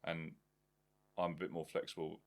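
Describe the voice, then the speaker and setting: Dry-humored man, low voice. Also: flat delivery, normal speed. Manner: dry teasing banter, swears. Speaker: podcast co-host. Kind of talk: casual chat.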